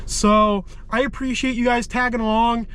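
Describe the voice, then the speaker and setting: A man's voice: very high-pitched, level tone, normal speed, a bit bright, clean tone, poor audio. Winded man vlogging on a march. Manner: rambling, many fillers and restarts. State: out of breath; sick. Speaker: volunteer firefighter vlogger. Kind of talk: casual vlog talk. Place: outdoors on a march, later inside a parked car.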